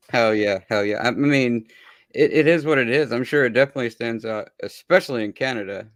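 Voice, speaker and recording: A man hosting a laid-back stream, talking loosely with swearing and frequent laughs, with a gravelly voice. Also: medium pitch, no echo. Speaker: stream host. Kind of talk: casual laid-back chat.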